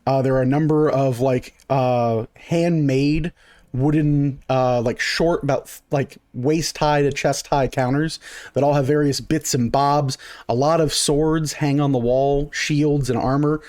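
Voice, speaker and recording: A man's voice: medium pitch, steady tone, a little slow, darkish tone. A man narrating as game master in a tabletop game, rambling with many fillers.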